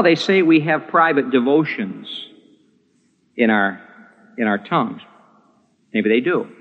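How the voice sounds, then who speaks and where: A male pastor preaching a sermon, emphatic, lifting his voice to stress points and then dropping low. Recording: dull lo-fi recording with long hall reverb.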